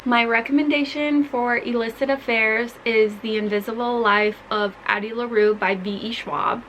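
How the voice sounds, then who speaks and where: A woman's voice: on the high side, steady tone, normal speed, loud music behind the voice, low-quality recording. A young woman chatting casually about book recommendations, gushing and full of "like" fillers. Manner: gushing, chatty, heavy use of "like". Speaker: book vlogger.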